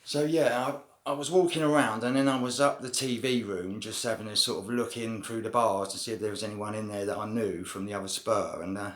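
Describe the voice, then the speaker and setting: A man's voice: on the low side, steady tone, fairly quick, hardly any pauses, fairly bright tone. A man telling a story to camera in a casual, rambling way, full of slang and swearing. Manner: rambling, slangy, swears, frequent "you know what I mean" fillers. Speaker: vlogger telling a prison story. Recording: roomy echo.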